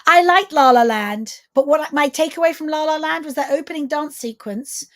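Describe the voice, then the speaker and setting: A middle-aged woman talking as a guest over a video call, her voice set a touch high for a woman. She tells stories in an animated, expressive way and often restarts her sentences mid-thought. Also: normal speed, no echo, clean studio sound. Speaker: film director, guest. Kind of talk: casual interview chat.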